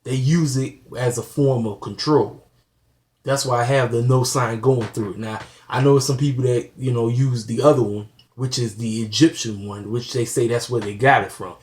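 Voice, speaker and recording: An earnest man speaks directly to his viewers in a casual, preachy way, with a voice of ordinary middle pitch. He talks plainly and loops back on himself often, leaning on "you know" and "like I said". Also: fairly even intonation, moderate pace, darkish tone. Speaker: channel host. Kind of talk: casual talk to camera.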